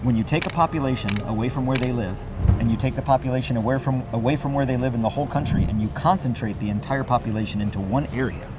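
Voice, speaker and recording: A man's voice: medium pitch, fast, heavy background noise. A middle-aged man, a military veteran, speaks earnestly in an interview, repeating phrases as he explains. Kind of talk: sit-down interview.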